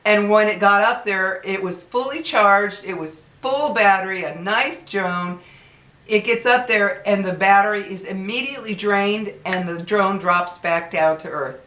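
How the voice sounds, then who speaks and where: A woman's voice: medium pitch, a little slow, fairly bright tone, roomy sound, low-quality recording. A woman in her sixties venting bluntly and heatedly to her viewers, repeating herself as she complains. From United States. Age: 60s. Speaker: vlogger. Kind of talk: angry venting to camera.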